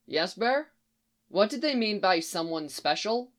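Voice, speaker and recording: A woman's voice: medium pitch, lively intonation, a little slow, lightly acted. Woman reading as a whiny flustered young guy, pleading, for a read-aloud story.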